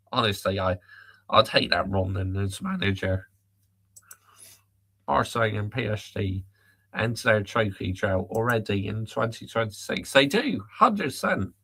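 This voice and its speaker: A man hosting a live football chat, reading out viewers' comments and firing back with exasperated rants. His voice sits a little low but sounds bright and sharp. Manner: exasperated, reads out viewer comments and answers them. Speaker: football channel host. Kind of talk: live chat reaction rant.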